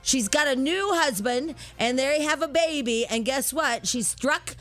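A woman's voice: sits high, measured pace, faint music behind. Chatty woman co-host telling celebrity gossip. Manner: animated storytelling. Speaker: talk show co-host. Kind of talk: casual gossip chat.

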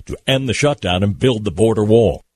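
A male reporter reading a radio news report in a measured way. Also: on the low side, expressive.

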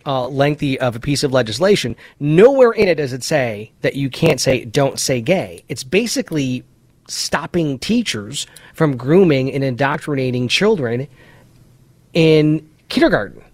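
A man's voice: mid-range voice, big pitch swings, measured pace, a little mellow, dry recording. Opinionated man hosting, dry close mic. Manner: opinionated, emphatic. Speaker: podcast host. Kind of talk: casual political commentary.

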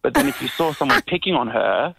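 A man's voice: mid-range voice, animated, fast, gravelly, low-quality recording. A man, a drag queen guest on the phone, camp and playful. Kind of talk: phone interview.

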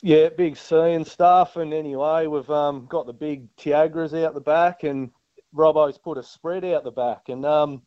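Yarn-spinning Australian bloke, dull sound. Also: male voice, a little high, fairly even intonation, a little slow, smooth, dry recording. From Tasmania. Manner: broad, yarn-spinning, says mate a lot. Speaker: guest angler. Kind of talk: casual storytelling chat.

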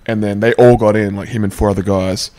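A man's voice: fairly low pitch, fairly even intonation, brisk, dark tone. A man in casual podcast chat, joking and laughing often.

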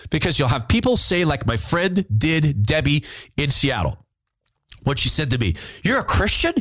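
A man hosting a podcast, reading listener letters aloud and answering them in an earnest, openly emotional way, sometimes halting and repeating words when moved. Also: a little high, lively intonation, a bit bright, dry recording. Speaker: podcast host.

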